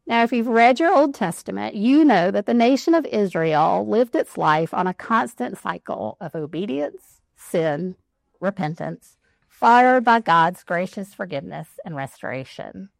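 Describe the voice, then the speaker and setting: Woman, devotional Bible teaching, conversational, gravelly voice, dry close sound. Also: mid-range voice, a little slow, no room sound. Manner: conversational, lively asides, reads scripture aloud.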